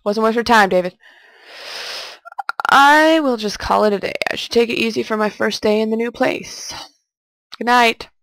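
A woman's voice: a little high, moderate pace, long pauses, a bit bright, no echo. A young woman casually commenting on a game she is playing, reading its text aloud and joking as she goes. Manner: jokey, chatty, talks to herself. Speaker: let's play host.

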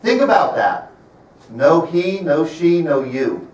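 A man in his fifties giving a public talk in a library, telling wry travel stories and slowing down to stress his points. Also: fairly high pitch, sing-song, darkish tone. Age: 50s. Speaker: presenter. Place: library event room. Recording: roomy sound from a distant mic.

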